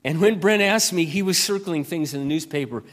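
A man preaching as a pastor, telling a personal story in an earnest way, then reading scripture slowly and loudly. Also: on the high side, animated, in a large hall.

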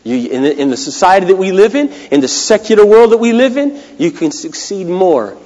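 A man preaching a sermon, swinging between loud cries and hushed, quiet lines. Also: high-pitched, animated, a little fast. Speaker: pastor. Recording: long hall reverb.

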